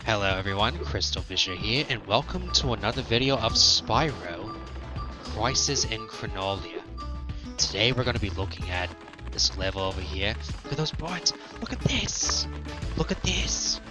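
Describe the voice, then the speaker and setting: A man putting on a bad Australian accent to impersonate an excitable video host introducing a level. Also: lowish voice, normal speed, over music, natural voice. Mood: excited. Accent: Australian, put on badly. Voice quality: exaggerated, excitable put-on voice.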